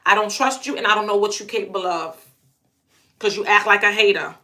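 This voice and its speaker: A woman's voice: medium pitch, fairly quick, sharp tone. A young adult woman vlogger telling a personal story to camera in a blunt, emphatic way, often stuttering through repeated words.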